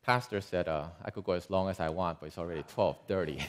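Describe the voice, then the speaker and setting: A man preaching a sermon, telling an illustration in a lively way with asides to his listeners. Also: deep voice, quick pace. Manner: lively, animated storyteller with asides to the congregation. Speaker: pastor. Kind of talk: sermon storytelling.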